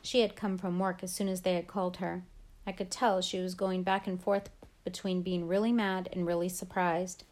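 A woman's voice: lowish voice, flat delivery, moderate pace, a little mellow. Woman reading a novel aloud. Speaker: book reader.

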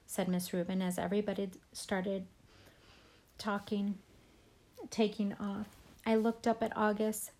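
A woman teacher reading a novel aloud to her class in a lively, expressive way. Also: medium pitch, poor audio. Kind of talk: read-aloud storytelling.

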